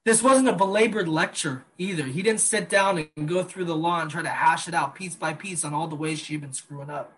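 A man preaching a sermon, earnest, slowing down and dropping soft on key phrases. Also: a little high. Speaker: pastor.

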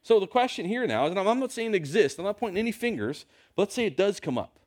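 A man's voice: sits high, sing-song, fast, a little mellow. A man preaching a sermon in a church, talking to his congregation in a conversational way with lots of rhetorical questions.

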